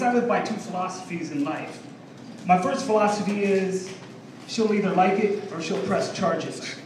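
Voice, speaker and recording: A man's voice: high-pitched, noisy background. Brash stand-up man in echoey room. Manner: brash, crowd-teasing delivery with drawn-out punchlines. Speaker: stand-up comedian. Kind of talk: stand-up set. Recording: echoey room from far off, faint ambience.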